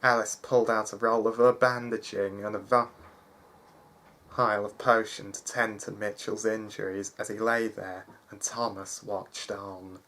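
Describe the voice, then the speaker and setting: A man reading a fantasy story aloud in a halting way, with frequent restarts. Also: on the low side, flat delivery, pushed and bright, slight background noise. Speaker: narrator.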